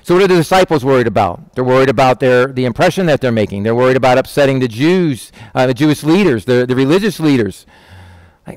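A man's voice: animated, fast, a little mellow, dry recording, low-quality recording. A middle-aged man preaching a conversational sermon, reading scripture and talking plainly and directly to his congregation. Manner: folksy, direct, acts out voices of disciples with a raised pitch. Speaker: pastor.

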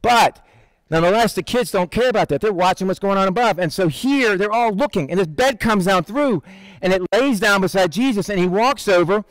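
A man preaching a casual, conversational sermon, animated, acting out the people in the story. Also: high voice, fairly quick, no room sound, low-quality recording. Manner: conversational, animated, acts out Bible figures in quotes.

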